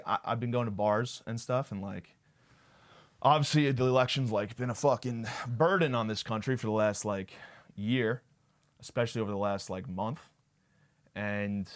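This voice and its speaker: Low-voiced man doing crude comic rambling. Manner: crude, sarcastic, rambling with fillers. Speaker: podcast host. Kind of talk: comedic monologue.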